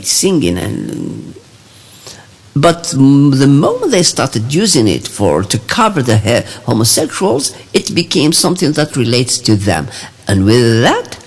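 Husky man with swooping pitch. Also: wildly swooping pitch. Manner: storytelling with frequent pauses and restarts. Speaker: channel host. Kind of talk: personal anecdote monologue.

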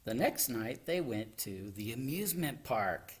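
A man, a children's librarian, reading a picture book aloud from home in an animated, expressive storytelling voice. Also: mid-range voice, unhurried, husky. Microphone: home recording.

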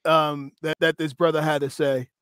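High-voiced animated male host, dry sound. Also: dry recording. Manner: animated, laughs often, reads quotes slowly for emphasis. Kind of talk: casual discussion chat.

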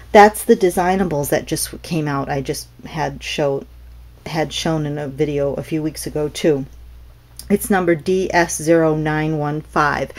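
A woman's voice: low voice, darkish tone. A middle-aged woman from North Carolina, chatting casually as she shows handmade cards, meandering with frequent restarts and ums. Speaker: craft seller showing customer cards. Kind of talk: casual show-and-tell vlog.

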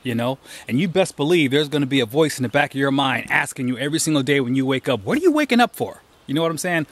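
A man's voice: mid-range voice, fast, no room sound. A man talking casually while hiking outdoors, telling stories and giving emphatic advice in a rambling way, recorded on a handheld camera. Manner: rambling, storytelling, emphatic asides. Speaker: hiker vlogger. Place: outdoors on a trail.

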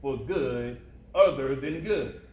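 Pious older woman traveler as a male preacher quotes her, calm and measured, with a roomy echo. Mid-range pitch. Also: muffled recording, slight background noise.

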